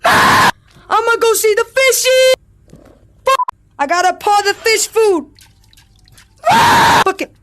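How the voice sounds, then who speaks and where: A woman playing a VR game and yelling brash, profane commentary, often breaking into meows. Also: very high voice, slow, pauses often. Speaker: VR gamer. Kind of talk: let's-play commentary. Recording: audible background noise.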